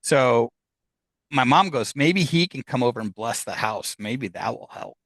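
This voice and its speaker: A man, a podcast guest, telling a story in a casual, animated way and acting out the dialogue with laughs between lines. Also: medium pitch, a little slow, dry recording, low-quality recording.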